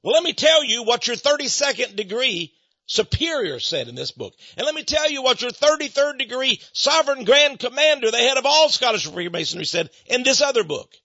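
A man's voice: very high voice, very animated, fairly quick, bright, forceful tone, no echo. A man from the United States telling a story in a sermon, animatedly acting out both sides of conversations. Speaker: Christian speaker on Freemasonry. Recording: dull muffled lo-fi recording.

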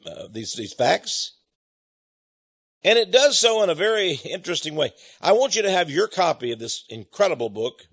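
A man's voice: fairly high pitch, a bit bright. A man from Texas delivering a preachy monologue as an author promoting his book, chuckling often and repeating words as he goes.

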